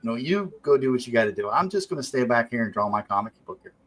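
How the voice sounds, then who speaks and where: Talking fast at a medium pitch, a male stream host rambles through a story while drawing, swearing casually and staying animated throughout. The recording quality is low.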